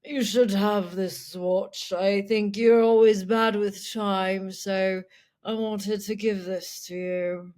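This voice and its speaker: Casting: drawling British man, side-of-mouth delivery, slow and pleading; a woman doing the voice. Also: medium pitch, steady tone, darkish tone, lightly acted. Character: drawling British hospital widower, gentle man.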